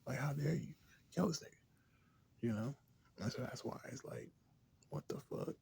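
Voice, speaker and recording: A man ranting in a rambling, profane, casual way, drifting between low mutters and louder outbursts. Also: expressive, normal speed, creaky, slight background noise. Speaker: vlogger.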